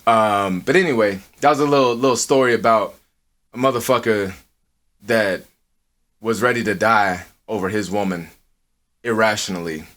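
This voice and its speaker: A man co-hosting a podcast, telling a story in casual, profanity-heavy talk, acting out quotes in a high voice. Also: normal speed, long pauses. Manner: swears a lot, animated, acts out quotes in a high voice. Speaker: podcast co-host. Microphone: earphones with mic.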